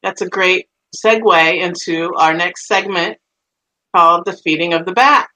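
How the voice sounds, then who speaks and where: A woman co-hosting a writing podcast, introducing a segment in a relaxed, wry chat. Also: fairly low pitch, a little slow, low-quality recording. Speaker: podcast co-host.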